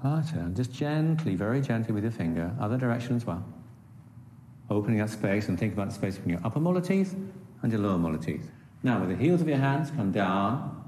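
A man's voice: lowish voice, sing-song, fairly quick, a little mellow, a little hiss or hum. A man giving a one-on-one presentation coaching session with patient, encouraging instructions.

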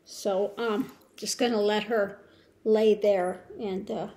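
A woman giving a rambling home update, talking softly and cooing to her pets. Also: medium pitch, fairly even intonation, takes it slowly. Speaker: spiritual tarot channel host.

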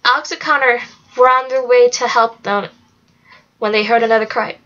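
A woman reading a novel aloud at a steady pace, now and then slipping on a word and correcting herself. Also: fairly high pitch, moderate pace, highs cut off. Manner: steady reading with occasional slips and self-corrections. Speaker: narrator.

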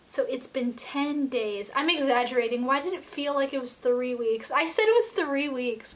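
A young woman with a high voice talks straight to her vlog audience. She gushes like an excited fan, runs out of breath and sprinkles "like" through every sentence. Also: moderate pace, few pauses. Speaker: vlogger. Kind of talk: excited casual vlog chat.

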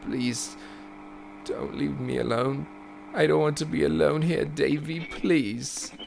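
A man voicing a confused elderly mother in a game, shrill and panicky. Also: very animated, slow, fairly bright tone, a little hiss or hum, exaggerated voice. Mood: pleading.

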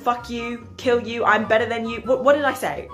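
A woman's voice: on the high side, steady tone, normal speed, fairly bright tone, faint music behind, natural voice. A woman playing a hot-headed, swearing boy in a cosplay comedy skit, stammering in outrage. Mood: outraged. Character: hot-headed teenage boy, shouting and crude.

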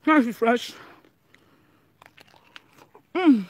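A woman's voice: on the high side, animated, extremely slow, no echo. A woman with a Nigerian accent chatting casually to her vlog audience, laughing often and speaking pidgin English. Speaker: vlogger. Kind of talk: casual home vlog chat.

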